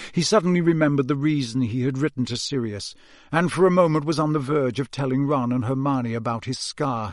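A man narrating an audiobook in an even, calm storytelling voice. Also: mid-range voice, dry recording, clean studio sound. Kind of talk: scripted narration.

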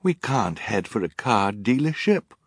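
A man's voice: lowish voice, very animated, a little slow, husky, dry recording, studio quality, pitched above the performer's own voice, full character voice. A man voicing an earnest teenage girl. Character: determined resourceful teenage girl. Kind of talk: audiobook character voice.

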